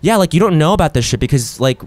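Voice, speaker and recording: A young man, a comedian guest on a podcast, chatting casually with lively swearing and frequent laughter. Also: fairly high pitch, fast talker. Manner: animated, swears freely, breaks into laughter.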